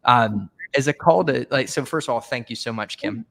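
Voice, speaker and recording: Male podcast host, gravelly voice, eager and effusive. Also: mid-range voice, normal speed, a bit bright. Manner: enthusiastic, effusive praise. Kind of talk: casual interview chat.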